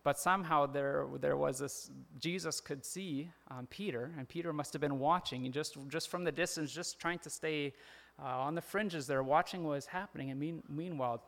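A man's voice: a little high, moderate pace, creaky, fairly bright tone. A man preaching a sermon in a conversational way, often laughing and acting out the quoted lines. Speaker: pastor.

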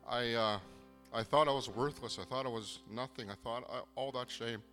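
A man from southern Manitoba gives a personal faith testimony, earnest and halting, with many pauses and restarts. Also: mid-range voice, fairly even intonation, fairly bright tone, in a large hall, faint music behind. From southern Manitoba, Canada. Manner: earnest, moved. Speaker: program participant giving testimony.

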